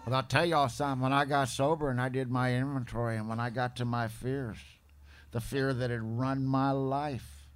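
A man at a recovery meeting tells his own story in plain, salty talk. His voice sits at an ordinary middle pitch, and he leans often on "man" and "you know". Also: steady tone, normal speed, smooth.

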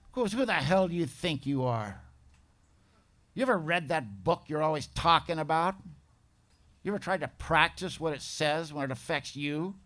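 A man speaking at a recovery meeting, telling his story bluntly, with rough slang and gruff humor. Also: fairly high pitch, expressive, moderate pace, a bit bright. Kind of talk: storytelling talk.

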